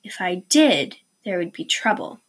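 A woman's voice: lowish voice, big pitch swings, a little slow, breathy edge, exaggerated voice. A woman voicing a weary theater director. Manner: weary, gentle. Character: tired, patient adult male theater director.

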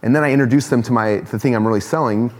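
A man telling a quick, excited story as a podcast guest, laughing often. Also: medium pitch, big-room sound. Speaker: podcast guest, company founder. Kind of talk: casual storytelling in a podcast chat.

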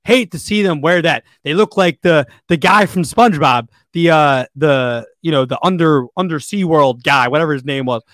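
A young man co-hosting a sports podcast, ranting in an animated, exasperated way and saying he is losing his voice. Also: fairly high pitch, normal speed, few pauses, dry recording, studio quality. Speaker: podcast co-host. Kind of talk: casual sports podcast rant.

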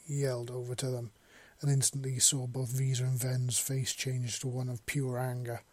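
A man reading fan fiction aloud in a plain, steady voice with small slips. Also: medium pitch, moderate pace, no room sound. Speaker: narrator.

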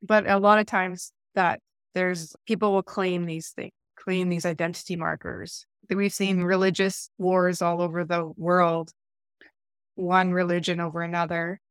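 Podcast co-host: young Canadian woman, smooth clear voice, dry close sound, loose rambling chat. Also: lowish voice, flat delivery, measured pace, no room sound. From Eastern Ontario, Canada. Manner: rambling, self-correcting, conversational. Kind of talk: casual podcast discussion.

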